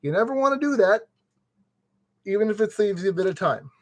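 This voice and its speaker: A man's voice: high-pitched, lively intonation, a little fast. A man streaming casually and talking himself through a brick-kit build step by step. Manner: chatty, talks himself through each step.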